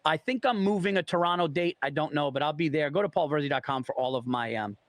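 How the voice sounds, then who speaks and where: A man co-hosting a sports podcast, talking in an excitable, swearing way and tripping over his words. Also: fairly high pitch, quick pace, dry recording. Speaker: podcast co-host. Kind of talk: casual sports chat.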